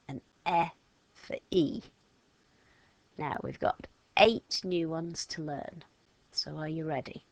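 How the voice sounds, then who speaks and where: Patient woman teacher for a kids' lesson, slow delivery, acting out each sound, dry close sound. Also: low-pitched, creaky, dry recording, poor audio. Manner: patient, demonstrates sounds with actions. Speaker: language teacher. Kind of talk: step-by-step lesson for children.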